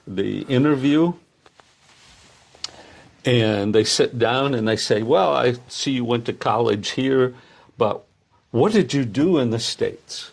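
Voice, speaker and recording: An older man who founded the program speaks in a relaxed interview, pausing often with fillers. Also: mid-range voice, creaky. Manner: hesitant, many filler pauses. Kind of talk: conversational interview.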